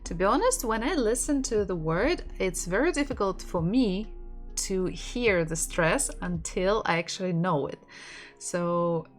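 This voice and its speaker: A woman's voice: mid-range voice, lively intonation, unhurried, faint music behind. A woman with a Russian accent teaching an online language lesson, patiently repeating words for learners.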